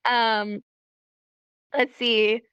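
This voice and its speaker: A woman's voice: fairly high pitch, flat delivery, extremely slow, a bit bright, smooth, dry recording, muffled recording. A young woman from California teaching sign language on a casual livestream, chatty and laughing often as she acts out examples.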